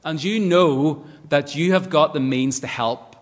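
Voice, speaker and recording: A Northern Irish man preaches a sermon, earnest and leaning on rhetorical tag questions. His voice sits a little high for a man. It carries a long reverb from a church hall. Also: measured pace.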